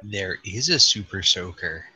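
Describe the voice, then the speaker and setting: Slow, bright-voiced male game master. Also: sits low, lively intonation, slight background noise. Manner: drawn-out, halting narration with fillers. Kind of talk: narrating a tabletop game.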